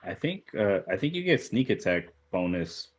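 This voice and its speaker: A man's voice: lowish voice, big pitch swings, moderate pace, slightly rough. A young man at a tabletop game, helpfully explaining the rules with frequent stumbles and restarts. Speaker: player. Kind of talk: casual chat at a tabletop game.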